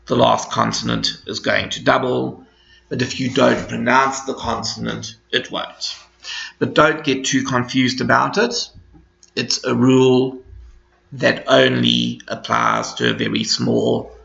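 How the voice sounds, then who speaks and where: Male teacher for a recorded grammar lesson, slow and patient, bright voice, echoey lo-fi room. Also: medium pitch, gravelly. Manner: slow, patient explaining with repetition. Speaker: English teacher. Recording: echoey room, dull lo-fi sound.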